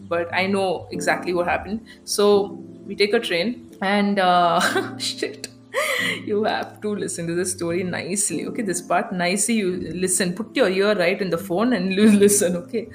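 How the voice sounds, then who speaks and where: A woman's voice: medium pitch, fairly even intonation, normal speed, music in the background. A young woman with an Indian accent, hosting a podcast and telling a story casually, swearing a lot and mixing in Hindi. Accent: Indian English. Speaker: podcast host.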